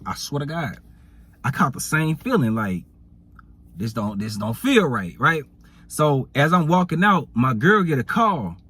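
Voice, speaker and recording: Brief: man, storyteller, husky voice, slangy, rambling, acts out the dialogue. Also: a little high, fairly bright tone. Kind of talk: casual storytime.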